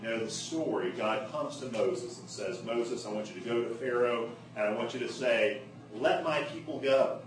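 A man preaching a sermon, who slows down and leans into key phrases for emphasis. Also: mid-range voice, soft background music. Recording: echoey room, mic at a distance.

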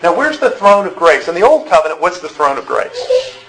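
Man, Bible class teacher, fairly high voice, conversational, quizzes the group, repeats himself. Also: very animated, fairly quick, rough recording. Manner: conversational, asks the class questions, repeats words when restarting. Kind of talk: interactive church class lecture.

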